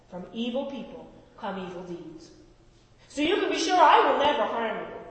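A woman's voice: high voice, voice pushed up. A woman reading as an earnest young warrior pleading. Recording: echoey hall reverb.

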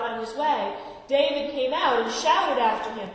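A woman teaching a Bible lesson, retelling and reading scripture in a brisk, conversational storytelling manner. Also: high-pitched. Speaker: preacher. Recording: echoey hall reverb.

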